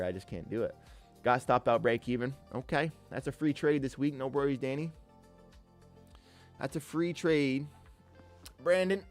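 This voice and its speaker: In a mid-range voice, a laid-back, upbeat day trader provides live trading commentary on his stream, giving chat shout-outs and addressing viewers as king and brother.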